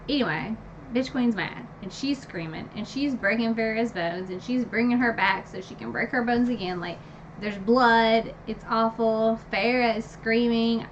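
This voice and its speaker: A woman casually retelling a fantasy novel's ending, animated and gushing, with lots of fillers and sudden high squeals when excited. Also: lo-fi sound, a little hiss or hum. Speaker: book review vlogger. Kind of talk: casual book recap.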